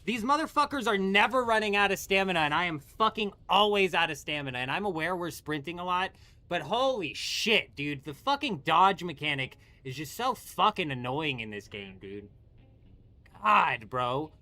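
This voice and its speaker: A man's voice: high voice, expressive, moderate pace, sharp tone. A young man streaming a game live, ranting and swearing at its combat mechanics. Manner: frustrated, profane, ranting. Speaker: gaming streamer. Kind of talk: live gameplay commentary.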